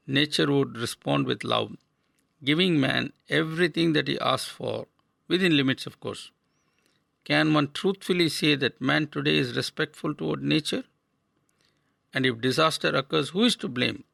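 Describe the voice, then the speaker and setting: An older man from India giving a scripted spiritual radio talk in a measured, earnest way, asking rhetorical questions. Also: a little high, vocal fry, pushed and bright, dry recording. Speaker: radio speaker.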